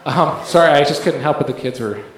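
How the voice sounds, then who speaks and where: A man's voice: a little high, fairly quick. Man telling a testimony in an echoey hall. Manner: rambling, full of fillers and restarts, laughs while telling. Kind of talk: sermon testimony. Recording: very echoey room, faint background noise.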